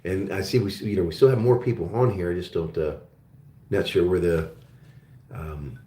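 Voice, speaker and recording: A man's voice: low-pitched, normal speed, mellow, reverberant. A man from Germany hosting a casual live-stream chat with viewers, friendly and rambling, with many fillers and restarts. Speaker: show host.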